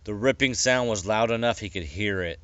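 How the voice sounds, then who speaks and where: A man reading his own story aloud in a plain, unhurried way with small stumbles. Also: fairly low pitch, a bit bright, dry recording, muffled recording. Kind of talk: casual audiobook reading.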